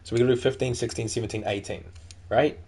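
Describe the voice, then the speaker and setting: A man's voice: medium pitch, fairly even intonation, quick pace, darkish tone, a little hiss or hum. A man giving loose, casual commentary while playing a game, chatty and swearing now and then. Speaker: gaming streamer. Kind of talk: casual let's-play commentary.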